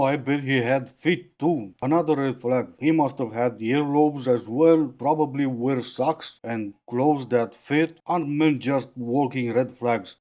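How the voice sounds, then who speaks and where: A man's voice: medium pitch, warm tone, dull audio. A man hosting reaction commentary, mocking the clips with dry humor. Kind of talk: sarcastic commentary.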